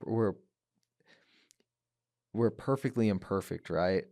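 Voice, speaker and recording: A man with a low-pitched voice speaks earnestly as a podcast guest. He tells his story in a candid, searching way and often doubles back on his words. The sound is close and dry. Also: slow pace, dark tone, no echo. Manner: earnest, repeats words, acts out voices when quoting people. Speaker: podcast guest, professional fighter. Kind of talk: candid interview talk.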